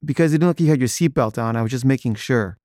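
A man's voice: mid-range voice, racing, a little mellow, no echo, studio quality, lightly acted. A man voicing a curt male police officer who gives blunt commands.

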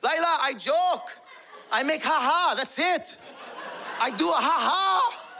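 Guy doing his flustered old immigrant dad, broken english, high and bright, keeps blurting stuff. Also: moderate pace, vocal fry, a little hiss or hum, heavily acted. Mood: panicked. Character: flustered older immigrant father from Lebanon.

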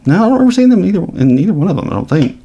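A man co-hosting a podcast, chatting casually about TV shows, rambling and correcting himself as he goes, his voice going a little hoarse. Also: high-pitched, very animated, very fast, mellow, muffled recording. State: losing his voice. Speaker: podcast co-host. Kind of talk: casual TV review chat.

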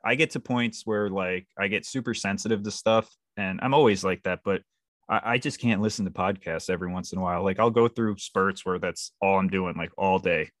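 A man's voice: sits low, a little fast, a bit bright, no room sound, studio quality. A man around thirty, easygoing and agreeable in casual chat. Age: 30s.

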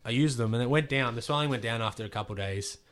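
Aussie wrestler guy rattling off a story super fast, swears a lot, does everyone's lines. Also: mid-range voice. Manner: animated, swears freely, acts out quotes. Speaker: pro wrestler telling a story. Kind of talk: casual podcast storytelling.

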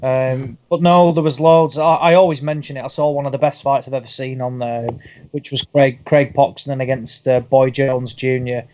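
Flat-voiced hesitant man, muffled line. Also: mid-range voice, moderate pace, a little hiss or hum. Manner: hesitant, many ums and uhs. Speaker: podcast panelist. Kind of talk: casual boxing chat.

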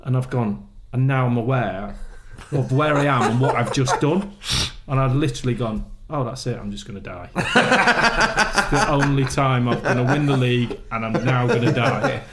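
A man's voice: mid-range voice, normal speed, a crowd in the background. A man, a former footballer telling stories as a guest, acting out quotes and laughing often. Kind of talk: anecdotal storytelling.

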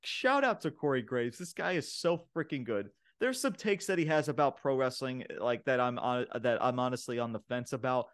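A man co-hosting a wrestling podcast, recapping the show in casual chat, excitable and full of fillers and laughs. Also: mid-range voice, brisk, hardly any pauses, clear, resonant tone. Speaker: podcast co-host reviewing wrestling.

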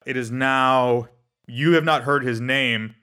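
A man's voice: medium pitch, fairly even intonation, bright, forceful tone, smooth. A man running a tabletop game as game master, narrating playfully over background music. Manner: playful, doing quick character voices.

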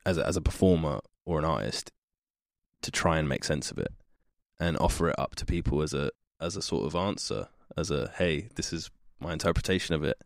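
Young male actor guest, deep, dry close mic, reflective and loose. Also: lively intonation, a little fast, creaky, no echo. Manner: reflective, trails off, laughs easily. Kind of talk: casual podcast conversation.

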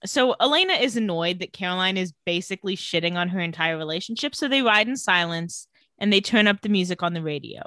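A young woman co-hosting a podcast, casually recapping a TV episode and acting out the characters' lines in animated storytelling. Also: fairly low pitch, quick pace, dry recording, clean studio sound. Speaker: podcast co-host.

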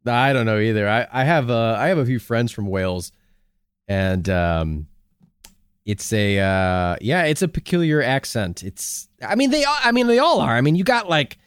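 Animated, swearing casual podcast man. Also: mid-range voice, moderate pace, smooth, no echo, studio quality. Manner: animated, swears a lot, breaks into jokey put-on voices. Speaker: podcast co-host. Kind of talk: casual chat.

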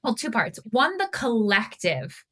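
A woman therapist hosting a podcast, talking emphatically and animatedly, quick to voice her frustration. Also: a little high, very animated, a bit bright. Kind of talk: casual podcast conversation.

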